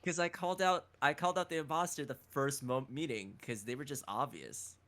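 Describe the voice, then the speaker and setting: A man's voice: mid-range voice, a little fast, fairly bright tone. A man chatting on a game livestream, a talkative storyteller who acts out the quotes in his stories. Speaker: guide and fellow voice actor. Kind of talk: casual livestream chat.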